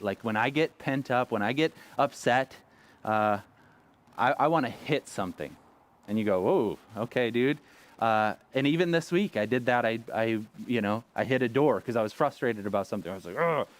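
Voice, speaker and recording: A man's voice: on the low side, moderate pace. A pastor in his thirties giving a conversational sermon, acting out the quoted voices with feeling. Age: 30s. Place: church sanctuary.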